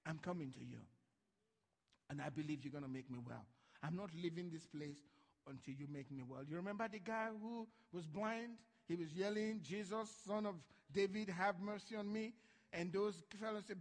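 A male pastor preaching a sermon, swinging from hushed lines to loud ones and acting out voices from Bible stories. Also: sits high, moderate pace, long reverb tail.

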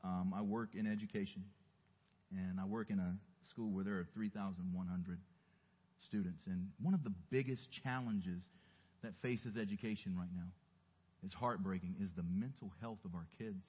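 Low husky man preaching in a hall. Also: steady tone, normal speed. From Southern US. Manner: earnest storytelling with soft reflective asides. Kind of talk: sermon. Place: church sanctuary. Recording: muffled recording in a reverberant church hall.

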